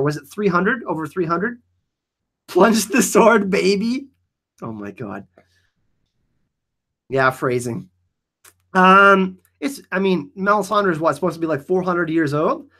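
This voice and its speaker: A man hosting a casual live Q&A stream, reading the chat; excitable, laughing often and saying "like" a lot. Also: high voice. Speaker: livestream host answering chat.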